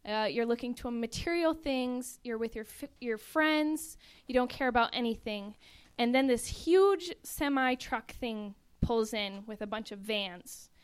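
A woman's voice: on the high side, measured pace, clean tone. A young woman, an actress in a touring ministry show, vividly and earnestly describing the show to an audience.

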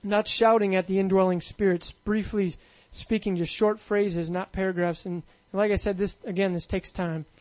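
High-voiced man preaching casually. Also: fairly even intonation, moderate pace, darkish tone, rough recording. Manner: casual, conversational preaching with many fillers. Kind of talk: sermon.

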